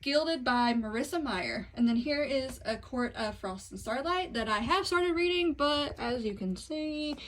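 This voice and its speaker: A woman's voice: high voice, animated, a little slow, hardly any pauses, a bit bright, low-quality recording. A young woman with a Southern accent gives a casual, chatty tour of her books, talking to viewers with self-deprecating asides, filmed on a phone in her bedroom. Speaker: book vlogger. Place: bedroom at home. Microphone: phone camera.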